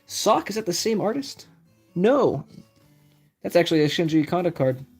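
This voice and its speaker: A young man with a slightly high voice chats casually through a live stream, reading out the cards he pulls one by one and replying to viewers. Faint music plays quietly underneath. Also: sing-song, normal speed, slightly rough. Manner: chatty, reads out card names, answers chat. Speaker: streamer opening trading card packs.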